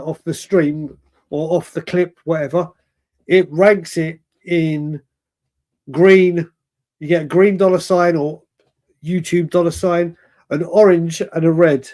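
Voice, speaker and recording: A man in his forties with a high-pitched voice tells a story in loose, casual chat. He rambles, corrects himself often, and stays animated throughout. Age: 40s. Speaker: fan show guest.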